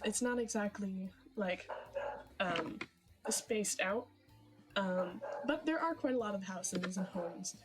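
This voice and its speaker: A young woman narrating a tabletop fantasy game as game master, hesitant with many fillers and frequent giggles. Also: medium pitch. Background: background music.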